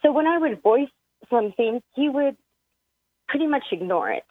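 A high-voiced woman calls in to a radio show, tearful and halting, choking up as she shares her story in a sing-song way. Her thin, tinny phone line sounds dry and close, with no room sound.

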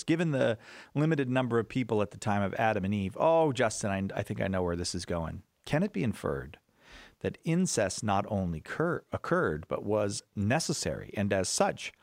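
A man's voice: fairly low pitch, no room sound, clean studio sound. A man hosting a live radio call-in show, chatting casually, laughing easily and reading out listener questions. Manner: lively, laughs easily, reads caller questions.

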